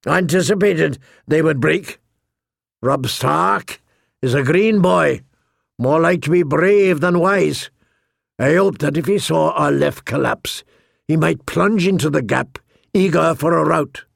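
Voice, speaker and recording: An icy, commanding old lord, as a male narrator plays him, speaking slowly and without feeling. The voice is gravelly and dry, close to the mic. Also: fairly high pitch, no echo, heavily acted. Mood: cold. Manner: measured, expressionless, commanding. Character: cold, calculating older male lord, father. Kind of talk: audiobook character voice.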